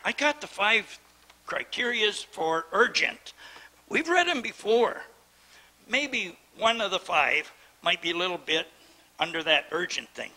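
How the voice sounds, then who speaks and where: A man's voice: sits high, expressive, unhurried, pushed and bright, low-quality recording. A middle-aged man chairing a town council meeting, worked up and indignant as he lectures the council from the chair. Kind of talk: heated council debate.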